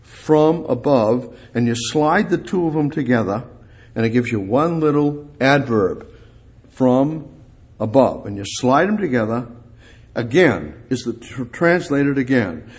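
A man preaching a sermon, explaining Bible verses with emphatic repetition and rising, forceful peaks. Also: mid-range voice, sing-song, normal speed, breathy edge.

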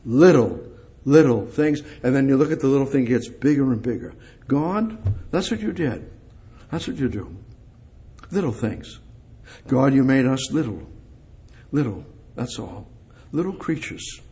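A man preaching a sermon, speaking directly to God and repeating short phrases, swinging between loud emphatic lines and soft, hushed ones. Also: medium pitch. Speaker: pastor.

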